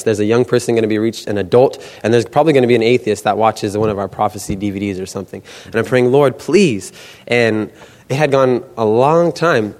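A young man giving an animated testimony, acting out the voices in his stories. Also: on the low side. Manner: animated storytelling, acts out quoted voices. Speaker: student book canvasser. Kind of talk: testimony talk. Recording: long hall reverb.

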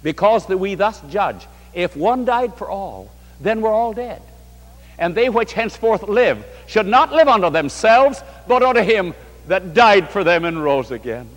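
A man from New York State preaches a sermon to a large congregation in a big hall. His voice is high and very animated, his pace unhurried, and his fervent delivery rises and falls.

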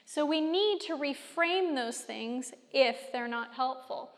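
High-voiced woman teaching in a reverberant hall. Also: animated, takes it slowly. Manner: conversational, fires rhetorical questions at listeners. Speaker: speaker teaching a faith-based class. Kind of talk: faith-based teaching talk.

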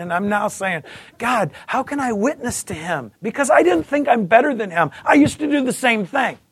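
Man in his fifties, testimony sermon, husky, high voice, dry close sound, lively storytelling. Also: no echo. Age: 50s. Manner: animated storytelling, acts out voices, repeats words. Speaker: preacher giving testimony.

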